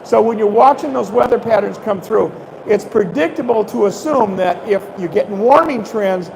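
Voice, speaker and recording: An older man, a fishing guide, telling lively fishing stories to a live expo crowd and acting out the dialogue. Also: sits high, normal speed, background noise. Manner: animated storyteller, acts out dialogue, coughs and clears throat. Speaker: fishing guide giving a seminar. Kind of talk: storytelling talk at a fishing expo. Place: expo hall stage, live audience.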